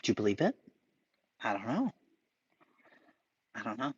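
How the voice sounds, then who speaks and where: A man's voice: on the low side, big pitch swings, moderate pace, breathy edge, no room sound, lo-fi sound. A man hosting a casual livestream, reading chat aloud with profane, sarcastic asides and mutters. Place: home, dogs barking nearby.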